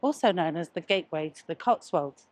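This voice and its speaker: Walking along a town street, an older woman presents a travel vlog tour, chatting and pointing out sights while slightly winded. Her voice is lowish and a little mellow with lively intonation, she talks fairly quickly, and the recording is dry.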